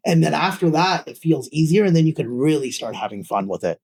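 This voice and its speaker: A man with a Canadian accent, an actor talking casually in an interview, animated and emphatic as he makes his points. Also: brisk, slightly rough. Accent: Canadian English. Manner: animated, emphatic, rising pitch when making a point. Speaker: actor guest.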